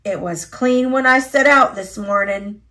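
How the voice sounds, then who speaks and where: A woman voicing a gruff male taxi driver in a storybook, growling and bitter. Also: mid-range voice, unhurried, bright, forceful tone. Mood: grumpy.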